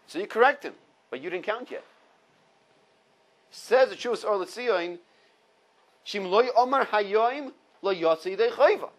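On a low-quality recording, a Torah teacher whose voice sits high leads an informal halacha class. He reads out Hebrew sources, mixes those quotes with English explanation, walks through them step by step, and repeats the key points.

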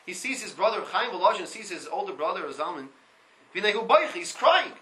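High, bright-voiced male Torah teacher. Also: fairly quick, poor audio. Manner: reads Hebrew text and translates line by line; animated, repeats words. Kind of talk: Torah class.

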